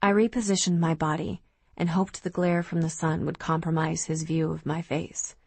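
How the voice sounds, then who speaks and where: Low-voiced woman reading an audiobook. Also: fairly even intonation, normal speed, vocal fry, darkish tone, husky, no room sound. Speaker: audiobook narrator. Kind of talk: first-person audiobook narration.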